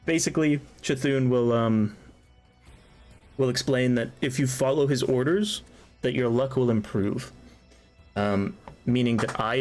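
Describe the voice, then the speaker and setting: A man's voice: mid-range voice, darkish tone. A man running a tabletop role-playing game as game master, casually explaining the rules with plenty of fillers.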